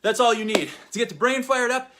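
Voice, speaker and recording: A man hosting a fitness show, leading an exercise demo and then chatting in an energetic, jokey, rambling way, a little out of breath. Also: very high-pitched, brisk, noisy background. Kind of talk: exercise demo and casual podcast chat.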